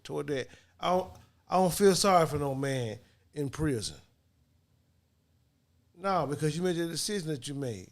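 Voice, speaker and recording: Frank-talking man with a higher voice. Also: creaky. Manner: frank, with frequent "you know what I'm saying". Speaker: podcast co-host. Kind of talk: casual discussion.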